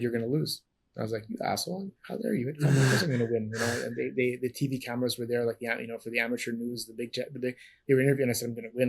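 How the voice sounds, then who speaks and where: A man's voice: medium pitch, darkish tone, slightly rough. A middle-aged man, a guest in an interview, telling long stories with many restarts and self-corrections. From Canada. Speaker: guest, former champion wrestler. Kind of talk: storytelling interview answers.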